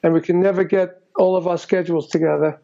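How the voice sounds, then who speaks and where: An older man tells stories in a rambling way, packing his talk with "you know". His voice sits high and is heavily gravelly with a mellow, dark tone. The recording sounds dull and lo-fi. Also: fairly even intonation, fast talker. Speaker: guest musician. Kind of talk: casual storytelling interview.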